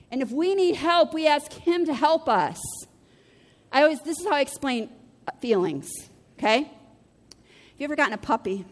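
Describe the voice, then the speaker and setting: A woman pastor preaches in a bright, high voice. She talks to the congregation directly and acts out the voices she quotes. A long reverb from the church hall trails each phrase. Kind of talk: sermon.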